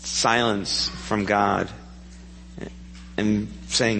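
A man gives an earnest sermon from the front of a church, turning to the congregation with questions. His voice sits at a middle pitch and rings out with the long reverb of the sanctuary, over a faint hum. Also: a little slow, fairly bright tone. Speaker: preacher.

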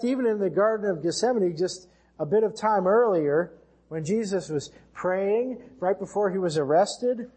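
Earnest American male preacher, husky voice. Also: high voice, mellow. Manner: earnest preaching, rising for scripture readings. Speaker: pastor. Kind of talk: sermon.

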